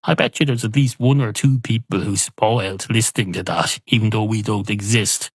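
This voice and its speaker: A man's voice: on the low side, steady tone, normal speed, husky, no echo. A man with an Irish accent hosting a podcast, telling a comic story in a wry, conversational way. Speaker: podcast host.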